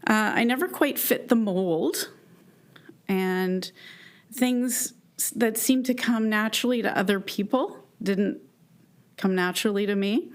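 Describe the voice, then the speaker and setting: Slow, earnest woman telling her story. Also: medium pitch. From Canada. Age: 50s. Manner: earnest and emotional, halting with restarts. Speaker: keynote speaker. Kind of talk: personal story talk to a live audience.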